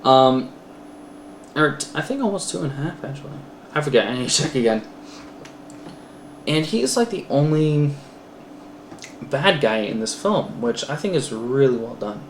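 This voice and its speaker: A man's voice: mid-range voice, sing-song, moderate pace, long pauses. A man casually reviewing a film for a class, rambling with many fillers and self-corrections. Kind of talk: casual spoken movie review. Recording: roomy echo, faint background noise.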